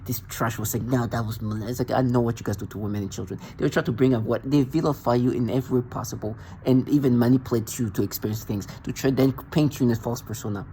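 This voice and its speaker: A man's voice: medium pitch, fast talker, few pauses, warm tone. A man with a mid-range voice rants in an angry, accusatory monologue, hammering the same points over and over. His tone stays confrontational throughout. A faint background hum sits under his voice. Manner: ranting, confrontational, repetitive. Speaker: vlogger.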